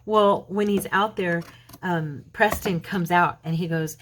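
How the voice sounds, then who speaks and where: A woman with a slightly low voice chats her way through a story while she crafts. She rambles and restarts as she goes. When she quotes the people in the story, her voice lifts and brightens for their lines. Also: fairly even intonation, measured pace, background noise. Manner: chatty retelling, acting out quoted dialogue in a lifted voice; loose, rambling, with fillers and restarts. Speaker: mixed-media craft channel host.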